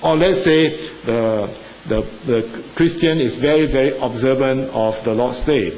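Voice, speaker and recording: A man preaching a sermon with an earnest, halting delivery, full of fillers, rising with emphasis at key points. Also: mid-range voice, darkish tone, low-quality recording. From Singapore or Malaysia.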